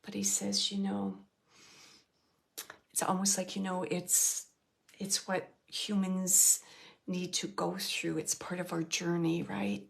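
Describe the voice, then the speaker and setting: A woman medium relaying messages to an audience member, speaking softly, often dropping to a hush, with frequent restarts. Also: fairly low pitch, little pitch movement, slow pace, gravelly, long pauses. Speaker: medium giving readings. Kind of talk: live mediumship reading to an audience.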